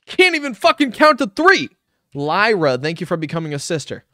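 A man's voice: high voice, wildly swooping pitch, moderate pace, pushed and bright, no echo, clean studio sound. A man reacting to a video with mocking, sarcastic, profane commentary. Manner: mocking, sarcastic, swears a lot.

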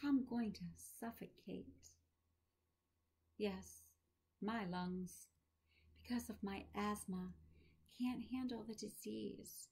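A woman voicing a dying elderly male professor who speaks softly, calmly and without self-pity. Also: medium pitch, gravelly. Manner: soft, gentle, unhurried.

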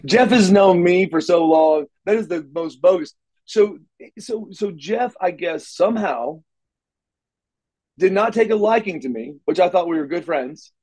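As an interview guest, this middle-aged ex-wrestler spins animated, casual stories, voicing the dialogue and restarting frequently. He sits high in pitch, unhurried and slightly mellow, on a rough recording.

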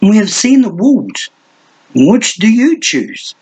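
A man's voice: sits high, sing-song, slow pace, darkish tone, husky, pitched above the performer's own voice, full character voice, rough recording. A man reading an audiobook and voicing a lean, sardonic young male hunter with a mocking, theatrical manner. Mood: reasoning.

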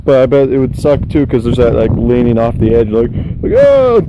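A man's voice: mid-range voice, big pitch swings, moderate pace, dull audio, noisy background. A young man joking around and narrating to the camera while hiking outdoors on a mountain trail. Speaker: vlogger. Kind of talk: casual hiking vlog. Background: music.

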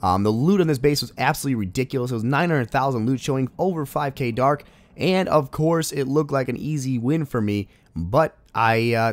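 Excitable man doing casual game commentary. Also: medium pitch, no room sound. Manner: excitable, exclaims at game moments. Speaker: gaming video host.

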